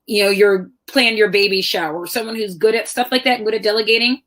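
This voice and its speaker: A middle-aged woman author telling personal stories in a lively conversational talk, acting out the voices of people she quotes. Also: medium pitch, fast talker. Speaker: author guest.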